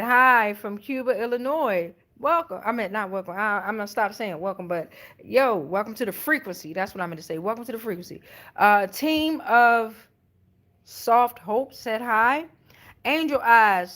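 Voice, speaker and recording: A woman's voice: mid-range voice, a bit bright. A middle-aged woman, hosting a casual tarot livestream, reading chat comments in loose, profane slang and laughing often.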